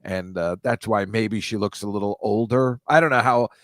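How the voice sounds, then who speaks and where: A man's voice: lowish voice, normal speed, dry recording. Rambling older New man. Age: over 65. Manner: rambling, self-deprecating, laughs at own stories. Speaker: podcast co-host. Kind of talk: casual chat.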